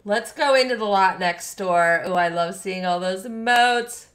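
Bubbly female streamer chatting with chat; bright tone, slow easy pace. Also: medium pitch, roomy sound. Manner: bubbly, reads and thanks chat, laughs often. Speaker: game streamer. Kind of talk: live game stream chat. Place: home room.

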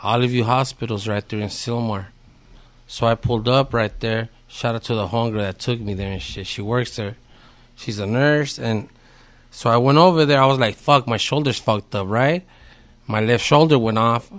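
A man's voice: medium pitch, moderate pace, fairly bright tone. A man, a podcast guest telling a story in a laid-back, slangy way with heavy swearing. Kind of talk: casual storytelling.

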